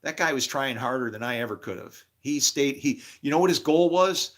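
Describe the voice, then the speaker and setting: A middle-aged man telling rambling stories in a profane, excitable way, breaking into preachy outbursts. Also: mid-range voice, a little fast, hardly any pauses. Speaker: guest. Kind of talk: rambling storytelling monologue.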